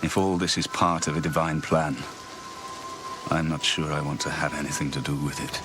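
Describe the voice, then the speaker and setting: A gritty, trembling game priest. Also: male voice, rumbling low, little pitch movement, moderate pace, music in the background. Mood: weary. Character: weary young male priest, doubting, grave. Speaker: game character. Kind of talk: video game voice acting.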